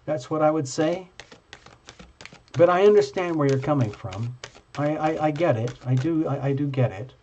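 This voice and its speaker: A man hosting a live tarot reading, chatty and playful, reading the card texts aloud slowly. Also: a little high, a little mellow, dull audio, a little hiss or hum. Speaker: tarot reader.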